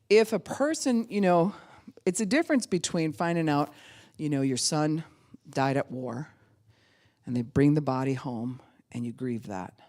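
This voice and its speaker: A woman pastor delivers a sermon with a lively pitch that climbs and dips freely. She acts out quoted voices along the way and laughs often as she talks.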